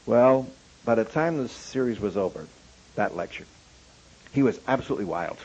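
A man preaching, telling a story animatedly and acting out the dialogue in a husky voice. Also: mid-range voice, expressive, normal speed, a little mellow. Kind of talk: sermon storytelling. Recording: dull lo-fi recording.

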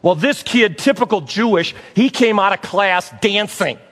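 A man preaching a sermon to a live audience, telling stories and acting out the dialogue with lively energy. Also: sits high, moderate pace, in a large hall. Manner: animated, acts out dialogue, talks to the audience. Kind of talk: sermon with storytelling.

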